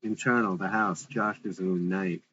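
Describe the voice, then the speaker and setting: A man's voice: low voice, steady tone, a little slow, bright, forceful tone, highs cut off, slight background noise. A man reading a script aloud with its stage directions, in a plain, matter-of-fact way.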